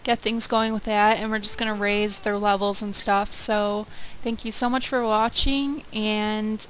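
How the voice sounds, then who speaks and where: Excitable woman commenting on gameplay. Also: mid-range voice, unhurried, a little hiss or hum, poor audio. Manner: excitable, swings into loud outbursts. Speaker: let's play gamer.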